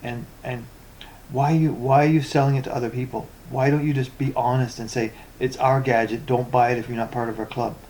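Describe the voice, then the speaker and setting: A man's voice: medium pitch, fairly even intonation, brisk, a little mellow, a little hiss or hum. A man ranting in a vlog about poor tech support, reading forum posts aloud with sarcastic, exasperated comments and many stammered repetitions. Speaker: tech vlogger.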